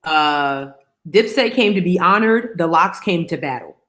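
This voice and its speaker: A woman's voice: lowish voice, measured pace. Emphatic young woman co-hosting a chat. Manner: animated, emphatic storytelling with slang. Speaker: podcast co-host. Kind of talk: casual chat.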